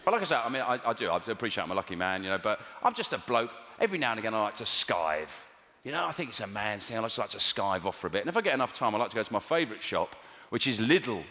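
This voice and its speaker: A London man doing stand-up, griping in a chatty, exasperated way, and his pitch swings all over the place. His voice rings through a big theatre with long reverb and roaring audience laughter behind him. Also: noisy background. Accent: London English. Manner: conversational, exasperated, jumps to high squeals for emphasis. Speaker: stand-up comedian. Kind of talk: stand-up comedy routine. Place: large theatre stage before a live audience. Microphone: stage microphone. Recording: roomy hall reverb, loud audience laughter.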